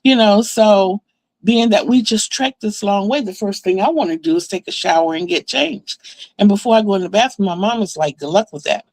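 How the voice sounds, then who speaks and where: A crafting vlogger casually tells the story of a dream, chatty and full of fillers, laughing between sentences. She has a fairly low, slightly mellow voice with no echo.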